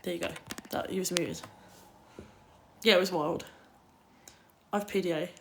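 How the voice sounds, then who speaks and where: A woman's voice: lowish voice, a little slow, vocal fry, slight background noise. A young woman from Kent, telling stories in a casual livestream chat, full of fillers and swearing. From Kent, England. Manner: chatty storytelling, lots of "like", swearing.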